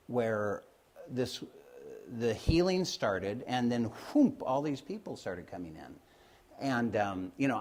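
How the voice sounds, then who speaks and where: Slow, hesitant man telling a story. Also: mid-range voice, darkish tone. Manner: hesitant, many fillers and restarts, acts out the quoted voices. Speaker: Christian Science healer telling of his work. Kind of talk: informal storytelling talk.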